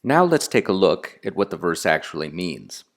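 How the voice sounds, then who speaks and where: A man giving an explanatory lecture, slow and deliberate with pauses and fillers. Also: low voice, big pitch swings.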